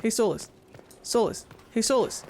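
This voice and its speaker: Irish woman gamer, chatty let's-play commentary, jokey and excitable, swears freely, faint hiss behind her. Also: fairly high pitch, normal speed. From Ireland. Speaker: gaming streamer.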